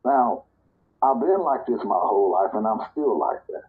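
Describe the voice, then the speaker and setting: Man from Nebraska telling a story by phone. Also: moderate pace. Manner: relaxed, conversational, acts out quoted dialogue in a higher voice. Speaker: storyteller in a live audio chat. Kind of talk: casual personal storytelling. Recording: tinny phone-line audio.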